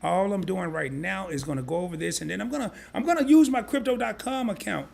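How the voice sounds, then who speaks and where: Sex: man. Style: gravelly, fairly high-pitched, casual. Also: expressive, darkish tone. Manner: breaks things down step by step, repeats himself, says "real quick" and "man". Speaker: crypto live stream host. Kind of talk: casual explanatory live stream. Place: home setup, sharing his screen.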